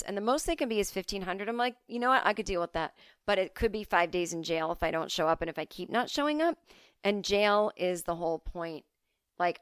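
A woman's voice: fairly low pitch, a bit bright, clear, resonant tone, no room sound. Blunt, profane woman podcaster. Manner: blunt, profane, self-deprecating rants. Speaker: podcast host. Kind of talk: solo comedic podcast monologue.

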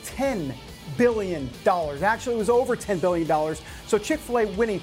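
A man hosting a news talk show, giving opinionated commentary in an animated, exasperated way, with many fillers and restarts. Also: sits high, moderate pace, soft background music.

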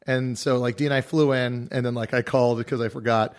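A man chatting casually on a podcast, telling rambling stories with lots of fillers and restarts, his voice a little hoarse. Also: medium pitch, steady tone, fast. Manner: rambling, filler-heavy storytelling. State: hoarse after a day of screaming. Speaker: podcast host. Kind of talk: casual chat.

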